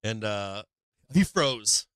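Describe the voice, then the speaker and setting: A man's voice: on the low side, animated, very slow, a bit bright, clear, resonant tone, no room sound. An older man from Boston with a Boston accent, hosting a livestream and telling a rambling story in casual chat, laughing often and swearing freely. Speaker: livestream host.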